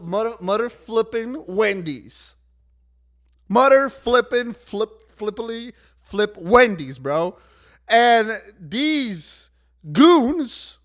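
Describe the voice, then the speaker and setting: High-voiced young man ranting. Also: fairly bright tone. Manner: exasperated, rambling, swaps swears for "flipping". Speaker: vlogger. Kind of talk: casual ranting monologue.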